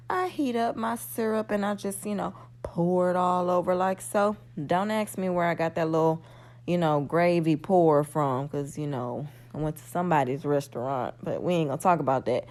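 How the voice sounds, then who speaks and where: A woman's voice: on the low side, darkish tone. A young woman hosting a casual cooking tutorial, chatty and folksy, talking to her viewers as y'all. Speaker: cooking channel host.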